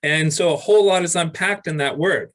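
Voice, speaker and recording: A male pastor preaching a sermon, reading scripture aloud with pauses and restarts. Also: on the high side, a bit bright, poor audio.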